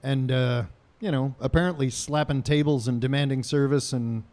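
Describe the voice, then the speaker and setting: A man's voice: mid-range voice, steady tone, normal speed, darkish tone. A man hosting a casual podcast, telling a rambling story full of ums and uhs with dry jokes. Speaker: podcast host.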